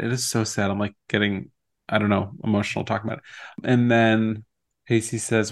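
A man's voice: on the low side, level tone, normal speed, creaky. A man co-hosting a podcast, chatting casually and animatedly while recapping a TV episode and quoting its scenes. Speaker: podcast co-host.

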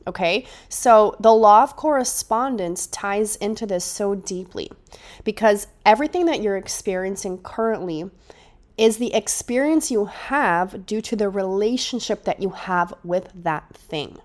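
A young woman hosts her podcast alone, sounding congested and stuffy from a cold. She talks in an excited, chatty rush, restarting sentences as her thoughts pile up, at an ordinary pitch for a woman. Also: a little slow. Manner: chatty and enthusiastic, with frequent restarts. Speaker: podcast host. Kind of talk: casual solo podcast monologue.

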